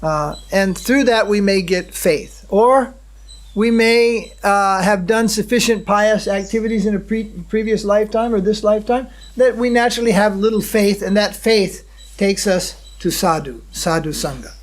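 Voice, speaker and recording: A man with a notably high-pitched voice gives a devotional lecture. He talks in short, halting phrases, often stopping for an "uh" or a restart. He keeps checking in with his listeners with a questioning hum. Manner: unhurried, halting, with many fillers and restarts. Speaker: spiritual teacher.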